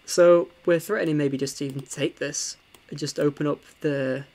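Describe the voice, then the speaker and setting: A young man, casually talking through a chess game for stream viewers, animated and full of ums and restarts. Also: on the high side, normal speed. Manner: animated, with frequent fillers and restarts.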